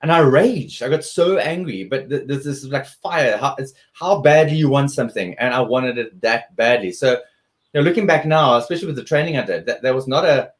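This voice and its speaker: A man's voice: mid-range voice, a little fast. A man, a guest athlete telling his story earnestly in an interview, often restarting his sentences.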